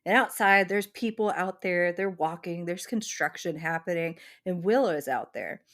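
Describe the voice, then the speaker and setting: Co-animatrice de podcast, voix de femme un peu grave, récit décousu et bavard. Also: female voice, lowish voice, expressive, normal speed, a bit bright. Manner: rambling storyteller, many "like" fillers. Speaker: podcast co-host. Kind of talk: casual chat.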